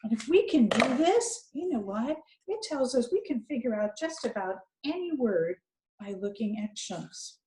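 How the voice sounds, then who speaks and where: A woman's voice: fairly high pitch, big pitch swings, moderate pace, darkish tone, reverberant, a little hiss or hum. A woman teacher guiding young children through a reading lesson, thinking aloud in an encouraging way.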